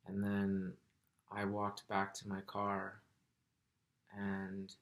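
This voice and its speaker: Soft-spoken guy telling a personal story, gravelly voice, pretty flat delivery. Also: deep voice, very slow. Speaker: vlogger.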